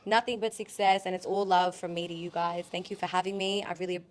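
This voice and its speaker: A woman's voice: on the low side, steady tone, fast talker. A young Australian woman, a rapper guest on a podcast, chatting casually with lots of "like" and wandering off on tangents. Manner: chatty, heavy use of "like", goes off on tangents.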